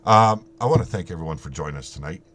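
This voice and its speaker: A deep-voiced, middle-aged man hosting a live stream. He chats casually, swears freely and breaks into laughter often. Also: lively intonation, quick pace, fairly bright tone.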